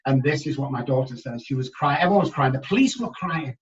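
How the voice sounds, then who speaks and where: A man in his sixties, a recovery expert guest on a podcast, telling his story candidly and emphatically, moving from hushed to loud. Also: mid-range voice, animated, quick pace. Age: 60s. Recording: dull, distant podcast audio.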